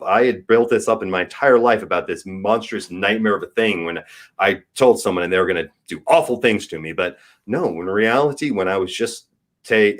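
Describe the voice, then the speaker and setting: A man's voice: on the low side, moderate pace. Earnest candid man in his forties. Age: 40s. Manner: earnest, candid, advice-giving. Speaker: podcast guest. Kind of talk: casual chat.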